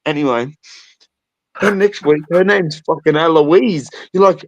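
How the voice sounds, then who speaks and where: A man with an Australian accent telling crude stories in a casual chat, loud and often laughing. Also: fairly high pitch, animated, normal speed.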